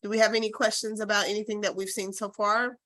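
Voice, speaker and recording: A woman's voice: medium pitch, level tone, fast, fairly bright tone. A woman presenting at a conference, explaining casually with some fillers. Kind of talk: presentation talk.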